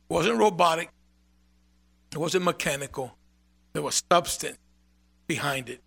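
A man preaching a sermon as pastor, emphatic and repetitive, with sudden loud swells. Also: fairly high pitch, animated, a little slow, gravelly, long pauses, slightly rough.

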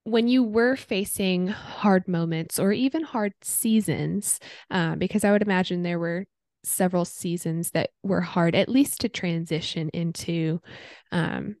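Young female podcast host, low-ish voice, thoughtful, dry close recording. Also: a little slow, a little mellow, no echo. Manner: thoughtful, searching for words. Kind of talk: casual conversation.

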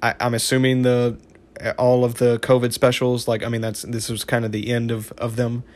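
A man's voice: medium pitch, monotone, darkish tone. A man giving a casual, rambling spoken recap of a cartoon episode, often stopping and restarting his sentences. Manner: rambling, halting, with many restarts. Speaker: TV episode reviewer.

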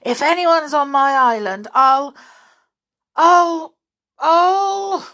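A woman's voice: mid-range voice, expressive, normal speed, vocal fry, husky. A woman reading the part of a fierce, bold tomboy girl. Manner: fiery, possessive.

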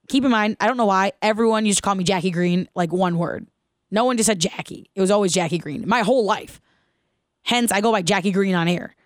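A woman in her thirties hosting her own podcast, telling a personal story in an animated, casual way, laughing as she goes and asking listeners questions. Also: mid-range voice, a little fast, no echo, studio quality. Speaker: podcast host.

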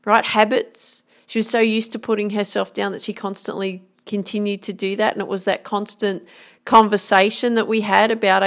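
A woman's voice: mid-range voice, level tone, normal speed, a bit bright. A middle-aged woman golf coach, giving an earnest, emphatic motivational talk.

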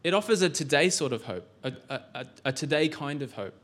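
A man's voice: fairly high pitch, expressive, brisk, fairly bright tone. Man preaching in a chatty way. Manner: conversational, with frequent restarts and rhetorical questions. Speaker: pastor. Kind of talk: sermon. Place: church.

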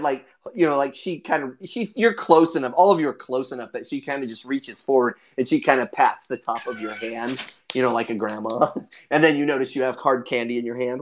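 A game master narrating a tabletop role-playing game in an animated, chatty way. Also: medium pitch, fairly quick, slight background noise. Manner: animated, chatty, laughs often.

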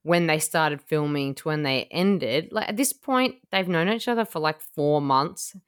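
A woman's voice: low-pitched, unhurried, clean tone. A woman hosting a casual chat podcast, sarcastic and swearing freely, mocking people in silly quoted voices. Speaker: podcast host.

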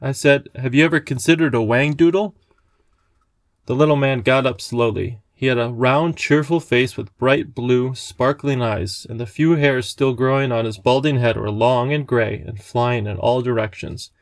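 Gravelly-voiced male audiobook narrator. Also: mid-range voice, fairly even intonation, moderate pace, hardly any pauses, no room sound, studio quality. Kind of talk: scripted narration.

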